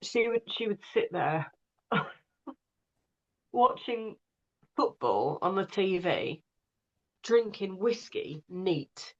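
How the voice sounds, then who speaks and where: A woman's voice: medium pitch, lively intonation, very slow, pauses often, highs cut off. A woman, an audiobook narrator chatting casually and digressively as a guest. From northwest England. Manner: chatty, digressive, many fillers. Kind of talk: casual conversation.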